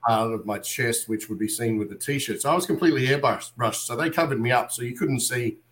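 An Australian man, a wrestler and actor, telling animated stories in a casual interview and acting out other people's lines as he goes. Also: mid-range voice, fairly quick, slight background noise.

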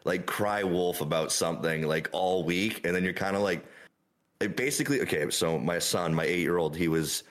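A man in his thirties co-hosting a casual gaming podcast, telling a family story with laughs. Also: low voice. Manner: animated, laughing anecdote telling. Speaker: podcast co-host.

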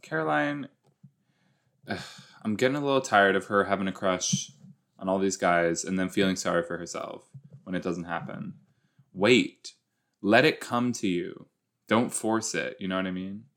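A man's voice: low-pitched, moderate pace, gravelly, pauses often, a bit bright. A young man giving casual, joking commentary while reacting to a TV episode, with rambling asides. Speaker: show reaction host.

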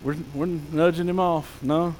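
A male pastor preaching a folksy sermon, sometimes dropping to a soft hush. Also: a little high, steady tone, measured pace, big-room sound, a little hiss or hum, poor audio. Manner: folksy preaching, drops to soft hushed tones for God's whispers. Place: church sanctuary.

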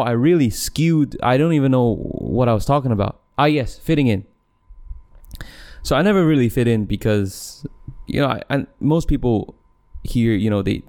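Talking casually in a medium-pitched, slightly mellow voice, a young man from Malaysia rambles through his solo podcast monologue, often restarting and laughing. He speaks neutral English lightly tinged with a Malaysian accent.

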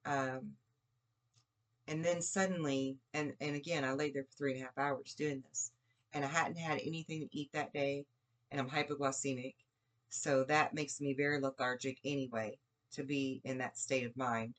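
A woman's voice: rumbling low, fairly even intonation, normal speed. A woman recounting a personal experience in a rambling, conversational way, with frequent fillers and restarts. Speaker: podcast speaker. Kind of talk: personal storytelling.

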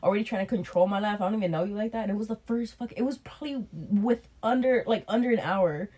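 A woman's voice: mid-range voice, fast, breathy edge. A woman co-hosting a podcast, casually telling a story about a bad date, swearing freely and acting out both sides of the conversation. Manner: profane, animated retelling with quoted dialogue. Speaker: podcast co-host.

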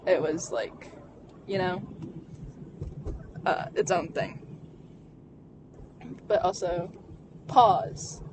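A young adult vlogger telling a personal story from inside a car, halting and full of fillers and restarts. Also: medium pitch. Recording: vehicle noise behind. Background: car road noise.

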